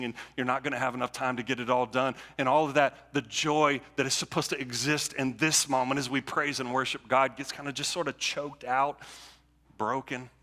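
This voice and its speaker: A male pastor with a sharp, mid-range voice preaches a conversational sermon in a church sanctuary. He repeats phrases and restarts as he builds his points, and the hall gives a long reverb.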